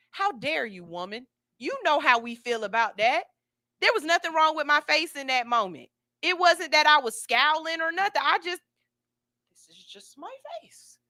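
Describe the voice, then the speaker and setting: A woman hosting a morning radio show, telling stories in an animated, candid and slangy way. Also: sits high, dry recording, clean studio sound. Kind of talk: casual morning radio talk. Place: radio studio.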